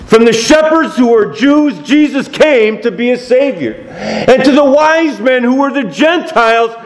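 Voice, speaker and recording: A man preaching a sermon as pastor, animated, rising to shouts of praise and chuckling between lines. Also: very high-pitched, unhurried, reverberant. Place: church. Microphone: microphone, moving on and off it.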